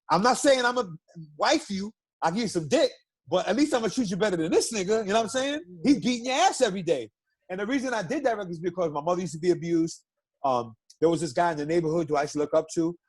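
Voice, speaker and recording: A middle-aged man, guesting on an interview and telling stories in a loose, profane, animated way. His voice sits high for a man. It has a husky, slightly raspy grain. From Brooklyn, New York. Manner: animated, profane storyteller who acts out quotes. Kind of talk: casual storytelling interview.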